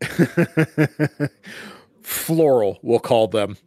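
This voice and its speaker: A man's voice: mid-range voice, expressive, extremely slow, mellow, dry recording. A man running a tabletop game as game master, hesitant and full of fillers, laughing often.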